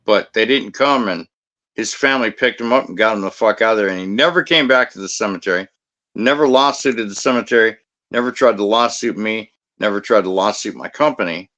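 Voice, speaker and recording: A man's voice: on the low side, a little fast, a bit bright, highs cut off. A man in his fifties who works as a security guard, telling a story in blunt, profane, combative casual talk. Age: 50s.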